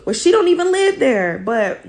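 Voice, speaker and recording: A hoarse mother, her voice worn out, recounting a fight in a blunt, emphatic, profane way. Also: sits high, big pitch swings, normal speed, a little hiss or hum. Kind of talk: casual storytelling.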